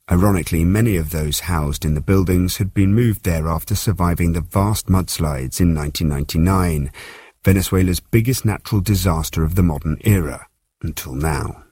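Low, husky male reporter narrating. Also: a little mellow, dry recording, clean studio sound. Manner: measured, storytelling delivery.

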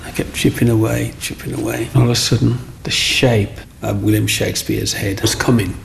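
A middle-aged man recounts his past as an interview guest. His voice is heavily gravelly. He talks in a chatty, lively way and acts out other people's lines. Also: mid-range voice, brisk, slight background noise. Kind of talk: personal storytelling.

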